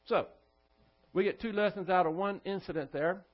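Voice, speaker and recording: A man's voice: high voice, moderate pace. A male pastor preaching a sermon, telling a story in a firm, instructive manner. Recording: dull lo-fi church recording.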